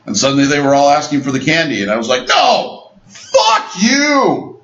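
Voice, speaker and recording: A man's voice: mid-range voice, very fast. A man co-hosting a comedy podcast, telling stories in a wry, laid-back way. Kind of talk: casual comedic storytelling. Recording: echoey lo-fi room with faint hiss.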